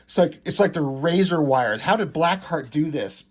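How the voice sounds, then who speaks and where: Husky, excitable man reviewing comics. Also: a little high, normal speed, few pauses. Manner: enthusiastic, swears freely, reads dialogue aloud. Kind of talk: casual comic read-through commentary.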